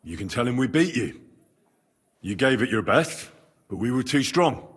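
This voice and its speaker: An earnest young hero, husky. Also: male voice, medium pitch, big pitch swings, normal speed. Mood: persuasive. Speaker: protagonist. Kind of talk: video game cutscene dialogue.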